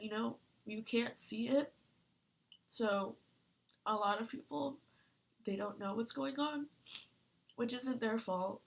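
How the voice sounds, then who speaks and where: A young woman talking earnestly in a personal vlog, halting with fillers and close to tears. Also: medium pitch, vocal fry. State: tearful. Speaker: vlogger.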